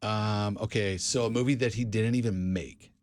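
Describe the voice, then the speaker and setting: A fairly low-voiced man chatting on a podcast. He tells stories loosely, restarting sentences and dropping in "like" and "dude" as he goes. His tone stays casual and easygoing. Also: steady tone, moderate pace. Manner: rambling storyteller, many restarts, says "dude" and "like". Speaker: podcast co-host. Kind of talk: casual chat.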